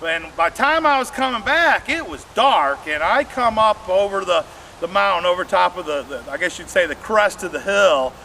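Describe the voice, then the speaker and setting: A man's voice: sits high, animated, moderate pace, sharp tone, slight background noise. A man doing a stand-up comedy set, telling rambling stories and talking straight to the audience. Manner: rambling storytelling, addresses audience directly.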